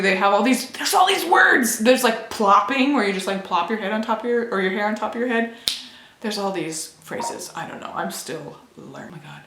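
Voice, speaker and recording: A woman's voice: mid-range voice, a bit bright. A young woman vlogging casually to camera at home, candid and chatty, with playful sound effects. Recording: echoey room.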